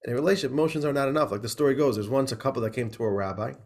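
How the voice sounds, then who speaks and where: A rabbi with a mid-range voice talks very fast while teaching an informal class. He's chatty and laughs, restarting often and asking things like "right?", and works a joke into the lecture.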